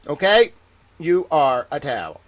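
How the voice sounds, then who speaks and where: Guy on a livestream going off, kinda high voice bouncing all over, swearing and fake-mad. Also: measured pace. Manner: excitable, profane, mock-outraged ranting. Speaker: live streamer. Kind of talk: live-stream commentary while reading online.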